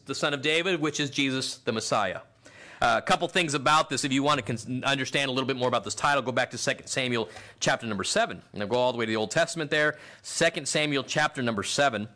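A middle-aged man preaching a sermon, dropping low and then rising to near-shouts for emphasis. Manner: swings from quiet to shouted emphasis. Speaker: pastor.

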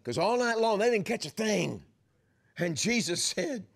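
A man preaching to his congregation as their pastor. He tells the story vividly and slips into the voices of the people in it, sometimes dropping to a whisper. His pitch rises and falls in wide, lively swings. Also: a little slow, vocal fry. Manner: drops to a whisper for asides. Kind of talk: sermon.

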